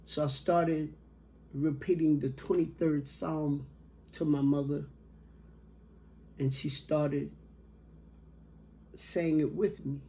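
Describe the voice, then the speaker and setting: A middle-aged man telling a personal story as a motivational speaker, slow and reflective with long pauses. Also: on the high side, steady tone, warm tone.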